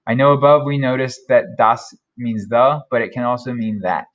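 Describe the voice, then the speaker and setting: A man teaching German vocabulary, repeating each word slowly and carefully. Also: medium pitch, steady tone, lo-fi sound. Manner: slow, careful modeling of German words. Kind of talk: vocabulary lesson.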